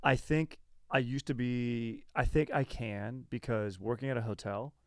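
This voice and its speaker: A man co-hosting a comedy podcast, riffing quickly and chiming in with crude jokes and agreement. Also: mid-range voice, steady tone, no room sound, clean studio sound. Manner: quick riffing sidekick, lots of agreeing interjections. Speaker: podcast co-host.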